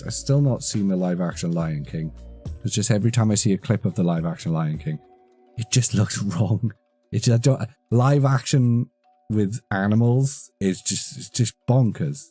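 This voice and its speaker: A man in his thirties chats on a live stream, rambling and swearing as he goes. His voice sits low and mellow, and faint music plays behind him. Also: breathy edge. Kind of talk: casual live-stream chat.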